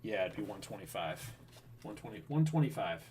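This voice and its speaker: A man's voice: on the low side, lively intonation, brisk, a little mellow, a little hiss or hum. A man casually hosting a baseball video game franchise livestream, chatting with viewers by name. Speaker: host of a franchise stream.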